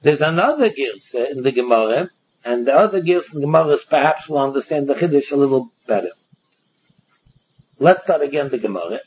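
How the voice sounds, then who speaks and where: A man with a Yeshivish English accent teaching a Talmud passage aloud, reading lines and then explaining them, often halting and repeating words. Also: mid-range voice, lively intonation, darkish tone, breathy edge. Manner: halting, repeats words and restarts, reads Aramaic then translates. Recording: dull lo-fi recording.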